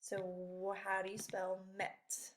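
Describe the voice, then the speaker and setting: A woman's voice: medium pitch, monotone, slow, a little hiss or hum. A woman teacher going over a worksheet in a remote lesson for young children, patient and encouraging.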